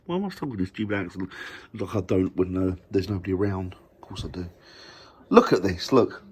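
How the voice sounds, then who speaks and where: A man's voice: sits low, sing-song, normal speed. Family-man vlogger, playful ribbing, bouncy intonation. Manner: teasing, playful banter. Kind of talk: casual home vlog. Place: family home.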